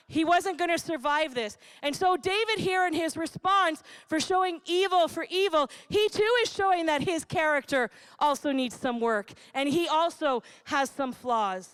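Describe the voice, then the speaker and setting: A woman pastor preaching a sermon in an animated, emphatic way, laughing lightly between points. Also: high-pitched, dry recording. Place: church.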